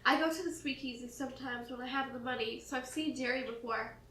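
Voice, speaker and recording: A woman voicing a young female aspiring actress who passes on a tip in a hushed, confiding way. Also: sits high, quick pace, distant mic, slight background noise. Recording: roomy echo.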